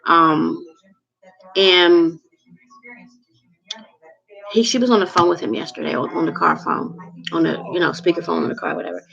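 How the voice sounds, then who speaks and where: A woman's voice: on the low side, normal speed, creaky, long pauses, fairly bright tone, lo-fi sound. A woman in her forties telling a personal story to camera in a chatty, rambling, emotional way with lots of fillers. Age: 40s. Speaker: vlogger.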